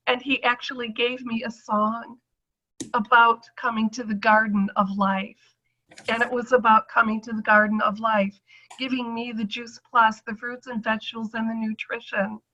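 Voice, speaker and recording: A woman's voice: on the high side, a bit bright, muffled recording. A middle-aged woman giving a chatty personal testimonial to an audience, acting out the voices she quotes.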